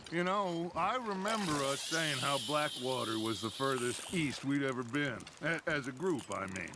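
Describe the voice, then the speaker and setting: An actor playing a middle-aged, charismatic gang leader who talks in an expansive, theatrical way in a game. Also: male voice, medium pitch, animated, moderate pace, gravelly. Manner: expansive, theatrical, fond storytelling. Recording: game audio with loud background noise.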